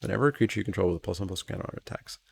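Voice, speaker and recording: A man's voice: low-pitched, rapid-fire, creaky, breathy edge. A man hosting a channel, reading game card text aloud and then musing over each one with hedging asides in casual review commentary.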